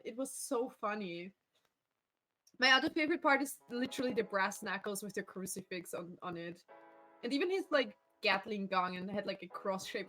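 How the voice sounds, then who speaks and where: A woman's voice: mid-range voice, rough recording. A woman streamer chatting casually at home, telling stories with lots of laughter and swearing. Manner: laughs often, animated storytelling, swears freely.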